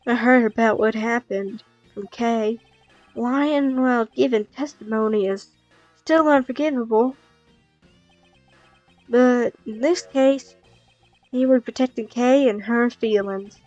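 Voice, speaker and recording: A woman's voice: fairly high pitch, slow, long pauses, darkish tone, no room sound, faint music behind. A woman playing a composed male prosecutor. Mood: stern. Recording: dull dry lo-fi recording.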